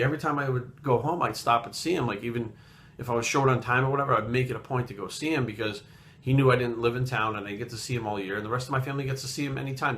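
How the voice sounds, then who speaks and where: His mid-range voice sounds pushed and bright as this late-thirties Rhode Islander, a fitness vlogger, rambles through a personal story. The casual telling is blunt and packed with swear words.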